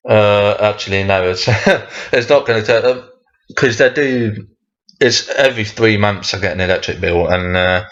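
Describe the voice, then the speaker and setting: A man's voice: on the low side, a bit bright, lo-fi sound. A young man hosting a casual solo podcast, rambling and hesitant, and swearing when he gets worked up. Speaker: podcast host.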